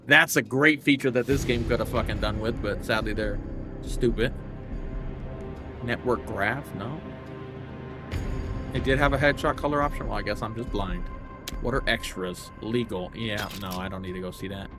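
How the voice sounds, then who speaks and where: With music in the background, a young man live-streaming a game speaks in a lowish voice at a moderate pace, pausing often. He chats casually, swearing and rambling as he thinks aloud through the menus.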